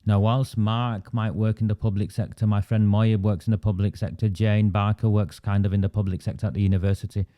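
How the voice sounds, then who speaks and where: A man's voice: on the low side, level tone, a little fast, hardly any pauses, dark tone. A man delivering an impassioned political monologue, angry and emphatic, repeating phrases for force and reading out viewer comments by name. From Oldham area, England.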